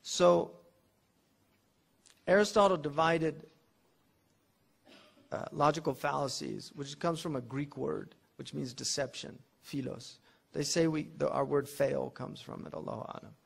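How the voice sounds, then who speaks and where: A man's voice: fairly high pitch, measured pace, gravelly, pauses often, breathy edge. A man teaching logic as an Islamic scholar, explaining a classical text in a conversational classroom lecture and mixing Arabic terms into his explanations.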